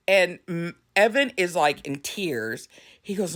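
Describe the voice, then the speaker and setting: A middle-aged mother spins a family tale in a lowish voice that swings widely up and down. She laughs often and breaks into quick impressions of her kids as she talks. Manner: animated, laughs while talking, breaks into quoted voices. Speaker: mom telling a family story. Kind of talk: casual storytelling to camera.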